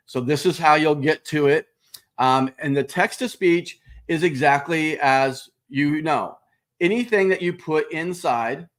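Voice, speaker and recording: Casual man walking through software. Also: medium pitch. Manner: casual, explanatory, speaks directly to viewers. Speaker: software demo presenter. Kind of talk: live screen-share product walkthrough.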